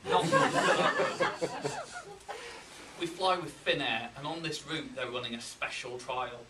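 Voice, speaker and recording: A man with a Yorkshire accent giving a humorous contest speech, with deadpan timing and pauses for laughs. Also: mid-range voice, background noise. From England. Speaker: contest speaker. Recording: roomy hall, mic from a distance.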